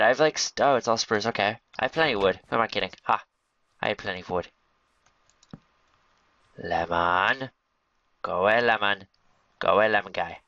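A man's voice: lowish voice, pushed and bright, no echo. A man giving casual, jokey gameplay commentary, rambling to himself as he builds. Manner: rambling, jokey, talks to himself and to game creatures. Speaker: gaming video host. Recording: dull lo-fi home recording.

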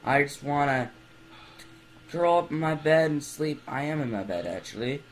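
A man's voice: fairly high pitch, animated, normal speed, a little hiss or hum, low-quality recording. A young man giving jumpy let's play commentary from his bed, breaking into screams and goofy baby talk, on a computer mic. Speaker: gamer. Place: in bed at home.

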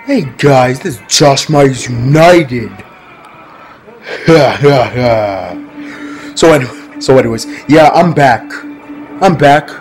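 A man's voice: medium pitch, unhurried, soft background music, rough recording. A man talking casually to his viewers in a rambling, repetitive vlog, often laughing. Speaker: vlogger.

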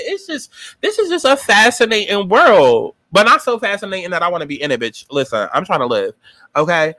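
A man's voice: sits high, very animated, a little fast, sharp tone, dry recording. A man, giving a sassy, profane, dramatic casual commentary as a TV show reviewer. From New York.

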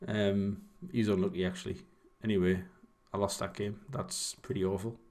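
A man's voice: lowish voice, little pitch movement, moderate pace, a little mellow. A young man, casually chatting and rambling while commentating on his own game. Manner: rambling, chatty, self-deprecating. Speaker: streamer.

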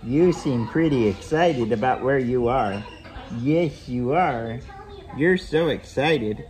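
A woman coaxes a parrot in affectionate baby talk. Her pitch swoops up and down widely. She takes her time, drawing out her soft words. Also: lively intonation, slow. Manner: coaxing sing-song baby talk; gentle and affectionate. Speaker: parrot rescue caretaker. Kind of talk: talking to a pet bird.

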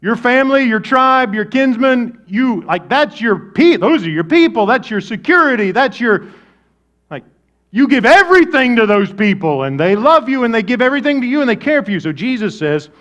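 A man preaching a sermon, swinging from loud, animated storytelling to quiet, low emphasis. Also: normal speed, lo-fi sound. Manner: lively preaching with big swings in volume. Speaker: pastor.

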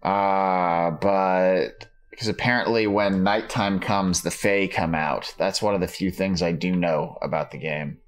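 Brief: relaxed male let's-play streamer, chatty and laughing, deep-ish voice. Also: unhurried. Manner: chatty, laughs often, talks to chat while playing. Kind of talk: casual live gameplay commentary.

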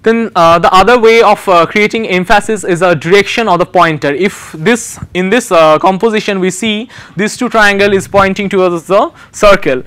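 A male university lecturer talks through design slides in a fairly high, clean and resonant voice. His delivery is halting, full of pauses and restarted phrases as he searches for the next word. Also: a bit bright, clean tone.

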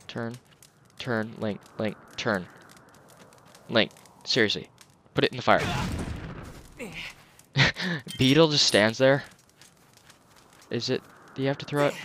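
A man's voice: mid-range voice, slow, pauses often, a bit bright, slight background noise. A young man giving casual, joking commentary as he plays a video game. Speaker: let's play commentator.

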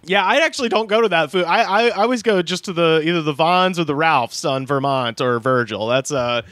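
A man's voice: fairly high pitch, a little fast, a bit bright, no echo. A man hosting a podcast in a studio, chatting casually and telling stories with frequent laughs. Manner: chatty, storytelling, laughs often. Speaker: podcast host. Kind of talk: casual chat. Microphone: studio microphone.

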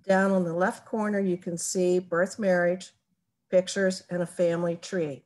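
A woman giving a recorded tutorial on building a family tree, explaining each step slowly and methodically. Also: lowish voice, flat delivery, darkish tone. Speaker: genealogy presenter. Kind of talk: recorded screen-share tutorial.

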